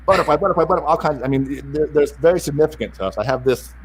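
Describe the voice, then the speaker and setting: A middle-aged man telling a family story in a casual interview, animated and acting out the other voices in it. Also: medium pitch, fast talker, husky, low-quality recording. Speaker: podcast guest.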